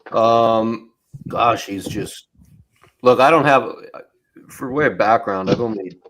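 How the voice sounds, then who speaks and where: A man speaking as a guest in casual podcast chat, hesitant and halting. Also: lowish voice, fairly bright tone, a little hiss or hum.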